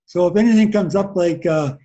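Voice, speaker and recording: Older father figure, folksy and relaxed, higher-pitched voice, muffled lo-fi audio. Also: brisk. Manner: easygoing, folksy, laughs often. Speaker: father of the host. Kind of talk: casual family chat. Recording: dull lo-fi sound.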